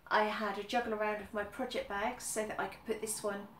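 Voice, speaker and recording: A British woman vlogging about cross-stitch chats casually, brisk and flat, her medium-pitched voice fairly bright, with lots of ums and repeated phrases. She sounds somewhat far from the mic in a roomy space with faint background noise.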